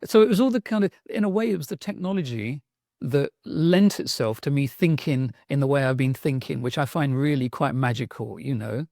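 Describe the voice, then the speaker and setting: A man's voice: mid-range voice, expressive, a little fast, gravelly, a little mellow, no room sound, studio quality. A middle-aged man with a South London accent, telling stories with enthusiasm and a reflective manner in a podcast interview. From England. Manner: enthusiastic, reflective storyteller with restarts. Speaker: guest, sound artist.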